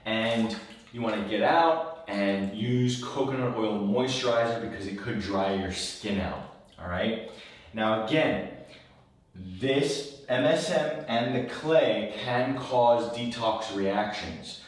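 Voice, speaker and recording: A man, a wellness coach, giving a relaxed, conversational how-to talk from his bathtub, rambling a little and repeating words as he goes. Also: lowish voice, takes it slowly, distant mic. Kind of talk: casual instructional talk. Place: bathroom, in a bathtub. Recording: very echoey room, voice from off the mic.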